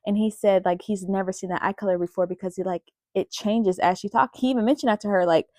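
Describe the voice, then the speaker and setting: A woman's voice: mid-range voice, steady tone, quick pace, darkish tone, no echo. A woman host retelling a story in a chatty, casual way, with many fillers. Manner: chatty, full of fillers like "like" and "you know". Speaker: podcast host.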